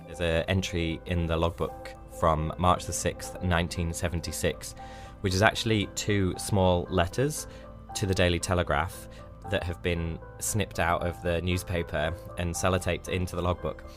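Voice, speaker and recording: Deep-voiced man narrating over music. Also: level tone, normal speed. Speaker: podcast host. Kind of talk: scripted narration.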